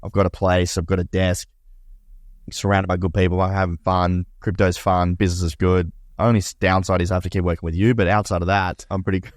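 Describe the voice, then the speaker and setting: A man with an Australian accent co-hosting a podcast from home, chatting quickly and upbeat, often repeating words as he gets going. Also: low voice, level tone, no echo, studio quality. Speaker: podcast co-host. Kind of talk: casual chat. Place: home, Melbourne.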